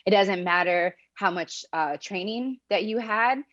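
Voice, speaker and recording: A woman's voice: mid-range voice, unhurried, fairly bright tone, dull audio. A young woman speaking as a podcast guest in a casual, reflective way, laughing often. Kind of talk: casual interview talk.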